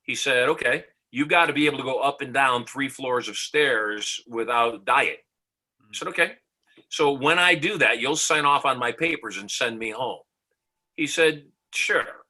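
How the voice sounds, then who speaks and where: A man's voice: medium pitch, moderate pace, bright, forceful tone, rough recording. A middle-aged man from the United States, a motivational speaker, telling a story confidently as a podcast guest and acting out the dialogue. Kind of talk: storytelling in an interview.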